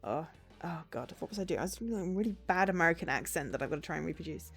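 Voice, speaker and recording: A woman streamer reading a visual novel aloud, with quick, playful asides between the lines. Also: low-pitched, expressive, fairly bright tone, slightly rough, soft background music.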